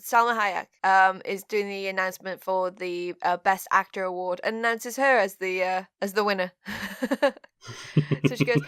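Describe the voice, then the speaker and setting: A woman co-hosting a podcast from home, relaxed and chatty, leading the topics. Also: mid-range voice, normal speed, smooth, no echo. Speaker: podcast co-host. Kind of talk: casual chat.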